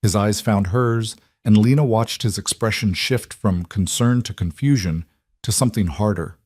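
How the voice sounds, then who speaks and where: A man giving measured, scripted audiobook narration of a romance story. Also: on the low side, a little mellow, breathy edge, no echo, studio quality.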